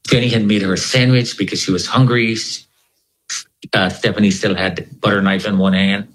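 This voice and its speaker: A man with a very deep, low voice tells his story in an interview. He speaks earnestly, quotes scripture, and his pitch jumps when he gets excited. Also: a little fast, rough recording. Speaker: interview guest. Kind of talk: personal testimony in conversation.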